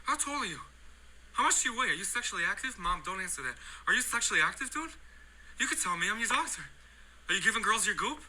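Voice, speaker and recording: A man doing a comedy impression of a blunt, bro-ish celebrity doctor who fires off rapid questions in a high-pitched voice and keeps saying "dude". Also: sing-song, bright, forceful tone, slight background noise, full character voice, poor audio. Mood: brash. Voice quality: high-pitched, nasal-edged, says "dude" a lot.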